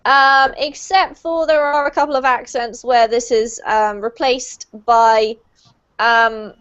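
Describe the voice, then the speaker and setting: British woman, pronunciation teacher, fairly high voice, encouraging, patient, muffled video call sound. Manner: encouraging, explains patiently, light laughs. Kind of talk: online group lesson.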